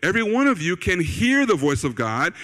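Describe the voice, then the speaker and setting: A man's voice: sits high, very animated, a little fast, fairly bright tone. A man, a pastor, preaching a sermon in a church in a conversational way, repeating phrases for emphasis and often checking in with "right?" or "okay?". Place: church sanctuary. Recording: long reverb of a church hall.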